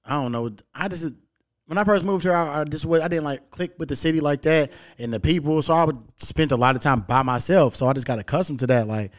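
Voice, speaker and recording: Young male podcast host and comic, laid-back and foul-mouthed, slightly high voice. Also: quick pace. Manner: laid-back, heavy swearing, animated when quoting people. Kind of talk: casual podcast chat.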